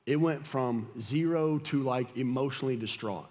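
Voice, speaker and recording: A man's voice: mid-range voice, normal speed, darkish tone, a little hiss or hum. A man, preaching a sermon as a pastor, telling a casual, conversational story and laughing at it. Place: church hall with audience. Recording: live church hall with long reverb.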